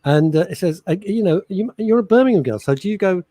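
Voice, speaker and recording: A man's voice: high-pitched, animated, quick pace, few pauses, warm tone, dry recording. Jokey male radio co-host. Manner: jokey, reading out listener messages. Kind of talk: casual chat.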